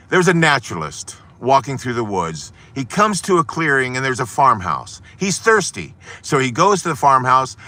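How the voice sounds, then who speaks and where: A man in his fifties or sixties, telling a parable in a dramatic, sermon-like way. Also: mid-range voice. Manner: animated, dramatic storytelling with hushed moments. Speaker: host giving an inspirational talk. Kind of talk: sermon-style storytelling.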